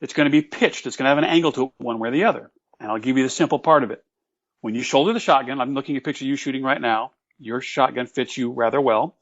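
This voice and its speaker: A man's voice: medium pitch, fast talker. A man guest explaining technical details earnestly in an interview, and he admits that he tends to ramble. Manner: earnest, explanatory, self-aware about rambling. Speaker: guest, shotgun expert. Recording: slightly dull, lo-fi audio.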